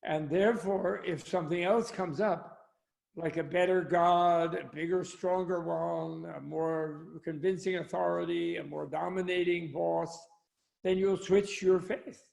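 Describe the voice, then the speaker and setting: A man's voice: on the high side, fairly even intonation, a little slow, gravelly, a little mellow. An older man, a Buddhist scholar, talking over a video call in a rambling, anecdotal way with frequent chuckles. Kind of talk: discussion with jokes. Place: home, online talk.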